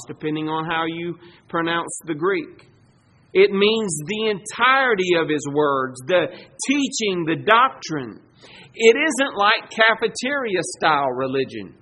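A man's voice: a little high, sharp tone. A man preaching a sermon, emphatic and rising in volume when he quotes scripture. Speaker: pastor.

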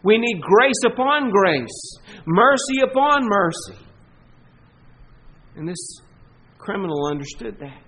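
A man with a Southern US accent preaching a sermon as pastor, emphatic, stretching key words and swinging between loud and soft. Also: sits high, sing-song, a little hiss or hum, low-quality recording. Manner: emphatic preaching, swelling and dropping in volume, slow stressed words.

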